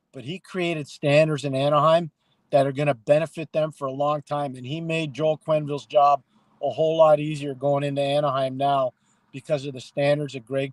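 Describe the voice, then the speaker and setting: A middle-aged man co-hosting a hockey podcast, talking casually and telling stories with lively acted-out quotes. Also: a little high, no room sound. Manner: animated storyteller, acts out quoted people. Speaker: hockey analyst and podcast co-host.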